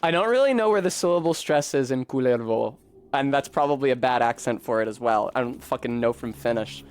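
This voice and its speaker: Swearing often and snapping at the boss in frustration, a streamer offers casual commentary on the fight in an expressive mid-range voice. He talks a little fast, and game music sits in the background.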